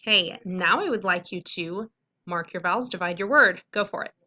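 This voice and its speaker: A woman's voice: fairly low pitch, normal speed, sharp tone. A young woman teacher patiently explaining a reading lesson to middle schoolers, checking in often. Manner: clear, patient explaining with frequent "okay?" checks.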